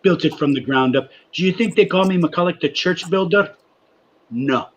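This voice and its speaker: A man's voice: a little high, normal speed, a little hiss or hum, natural voice. A man putting on the voice of a gloomy older bar regular who complains mournfully about his reputation, as part of a joke. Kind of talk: joke telling.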